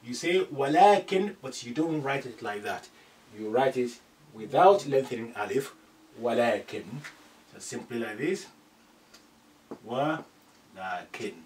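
A man teaching beginners Arabic, patiently repeating each phrase slowly for his learners. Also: medium pitch, lively intonation, far from the mic. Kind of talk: classroom lesson.

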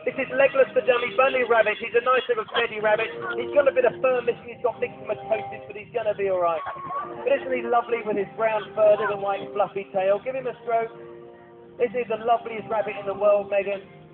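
A cheerful man with a high voice hosts a live falconry display in an outdoor arena, teasing and encouraging the children he brings up from the audience. The sound is thin and phone-like, recorded on a camcorder, with music playing clearly in the background. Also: fairly even intonation, fast. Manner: jokey, cheerful, coaxing children. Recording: tinny phone-like camcorder audio with music behind.

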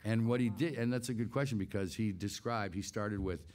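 Older man, lowish voice, animated storyteller who laughs a lot, guest on an interview show. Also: a little fast. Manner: animated, laughs often, re-enacts scenes. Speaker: guest voice actor. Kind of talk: casual anecdotal storytelling.

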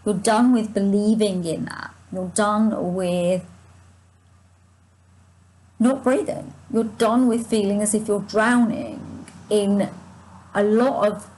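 A woman's voice: mid-range voice, a little mellow, rough recording. A woman giving a tarot reading to her viewers, searching for her words with many restarts and asides, her throat sore and her breath short. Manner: sighs and yawns while reading. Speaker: tarot reader. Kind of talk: spontaneous spiritual reading to viewers.

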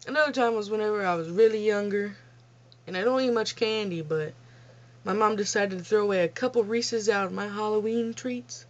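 A woman's voice: mid-range voice, brisk. A young woman telling childhood stories in a casual vlog Q&A, blunt and profane, often laughing at herself. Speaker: vlogger. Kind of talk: casual storytelling Q&A. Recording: dull lo-fi home recording.

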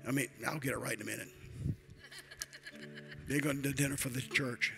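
A man's voice: medium pitch, steady tone, brisk, gravelly, pushed and bright, soft background music. An older man, a retired pastor, preaching a sermon in a church with emphatic, repetitive declarations.

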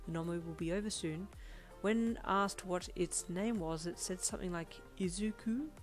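Woman voicing a gentle male supervisor. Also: on the low side, faint music behind, lightly acted. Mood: measured. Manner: measured and gentle. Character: calm male supervisor vet, patient and kind.

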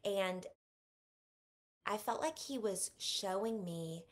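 A woman in her thirties, an author talking as a guest on an interview podcast, who retells a personal story vividly, going soft and slow at the moving parts. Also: mid-range voice. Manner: vivid retelling, speaks softly and slows at moving moments.

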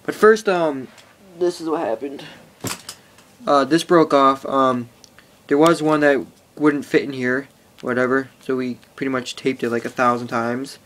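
A man's voice: medium pitch, fairly even intonation, unhurried, a bit bright, a little hiss or hum. A teenage boy rambling casually to an iPod camera, full of fillers and swearing. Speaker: vlogger. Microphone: phone or iPod held close.

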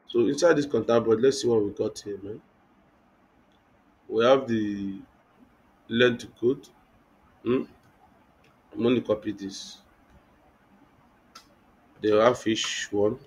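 A man's voice: fairly low pitch, steady tone, slow, pauses often, low-quality recording. A young man teaching web design in a live online class, thinking aloud with many restarts and fillers. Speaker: web development instructor.

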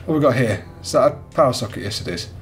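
Jumpy gamer, lively voice. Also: male voice, mid-range voice, racing. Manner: jumpy, swears, yelps and pleads with the game. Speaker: gamer playing a horror game. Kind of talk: let's play commentary. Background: game music.

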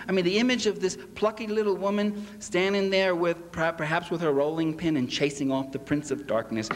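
A man lectures a convention crowd in a sarcastic, mocking tone and slips into acted quotes. His voice sits on the high side for a man. The sound rings with long hall reverb over a faint bed of ambience. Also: brisk, few pauses, a little hiss or hum. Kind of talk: public lecture to a convention audience.

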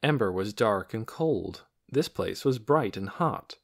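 A man narrating an audiobook chapter in an expressive storytelling manner. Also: a little slow, vocal fry. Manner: expressive storytelling with lively pitch. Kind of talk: scripted narration.

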